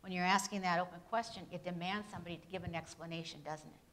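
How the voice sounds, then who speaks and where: A woman teaching an English grammar lesson at a Bible institute. She puts questions to her students, answers them herself with tag questions, and reads example sentences with clear emphasis. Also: lowish voice, fairly even intonation, fast talker, fairly bright tone. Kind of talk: classroom lecture with questions to students.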